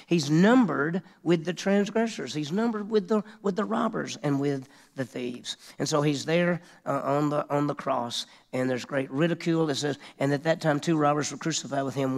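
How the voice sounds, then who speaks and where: Male pastor, sermon, middle-aged, slightly high-pitched, animated preaching. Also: creaky. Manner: expository preaching, acts out mockers with raised voice.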